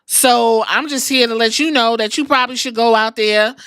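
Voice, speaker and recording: A woman's voice: a little high, steady tone, moderate pace, fairly bright tone, clean tone, no room sound, close to an everyday voice. A woman loosely voicing a smug, brooding male wrestler in a casual profane paraphrase.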